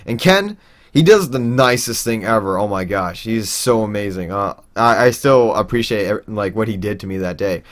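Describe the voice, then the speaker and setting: A man's voice: on the low side, lively intonation, normal speed. A young man telling a personal story in a casual, rambling way, with lots of fillers and restarts. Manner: acts out quoted people in raised voices.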